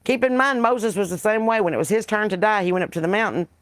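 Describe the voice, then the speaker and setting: On a porch with a computer mic, a Southern podcast host livestreams casually, preaching in a folksy, blunt and profane way as she reads viewers' comments. She talks fast in a medium pitch, with no echo.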